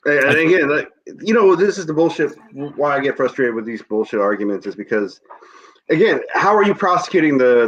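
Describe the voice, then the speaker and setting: A man's voice: medium pitch, fairly bright tone, muffled recording. A man co-hosting a podcast, ranting and swearing freely in casual chat. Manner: heated, swears freely, rants. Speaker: podcast co-host.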